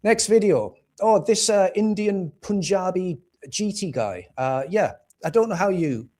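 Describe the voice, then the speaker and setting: A man from England rants through his livestream with blunt, profane heat. His voice sits a little higher than usual and keeps climbing as he gets worked up. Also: expressive, a little slow, darkish tone. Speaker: livestream host. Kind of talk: casual political rant.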